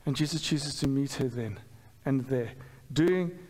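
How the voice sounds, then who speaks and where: Speaking unhurriedly in a medium-pitched, slightly mellow voice, a middle-aged pastor gives a candid, self-deprecating sermon in a church hall. He fills it with restarts and filler words, and the recording has a long hall reverb.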